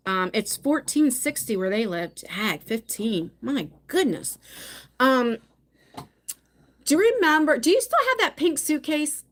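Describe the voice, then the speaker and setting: A woman's voice: sits high, very animated, measured pace. A middle-aged woman chatting casually on a live phone stream, telling family stories with many restarts. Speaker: vlogger.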